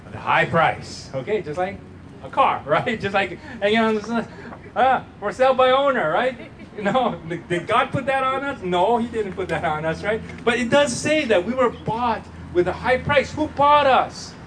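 Pastor guy preaching hard, call and response w the crowd, pretty high voice. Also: expressive, normal speed, a bit bright, a little hiss or hum, poor audio. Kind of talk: sermon.

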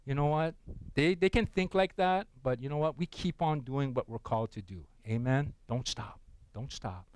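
A man's voice: a little high, moderate pace, darkish tone, smooth, low-quality recording. A man preaching a sermon in a conversational way. He often checks in with the congregation and laughs at his own stories. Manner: tells a joke with acted voices. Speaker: pastor.

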